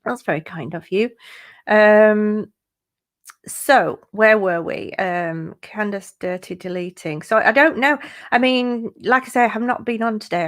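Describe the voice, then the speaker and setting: Brief: rambling female true crime streamer, casual and chatty, mid-pitched. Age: adult parent. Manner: rambling, chatty, many fillers. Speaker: true crime YouTube host. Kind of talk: casual live-stream chat.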